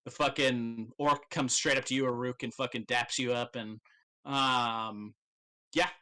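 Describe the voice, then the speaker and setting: A man's voice: medium pitch, steady tone, a little slow, pushed and bright. A young man narrating as game master in a casual, swear-filled way.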